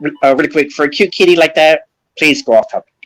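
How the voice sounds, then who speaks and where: A man's voice: fairly high pitch, fast talker, rough recording. A man co-hosting a casual podcast chat, friendly and rambling as he tells stories. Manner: rambling, friendly, chatty storyteller. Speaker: podcast co-host.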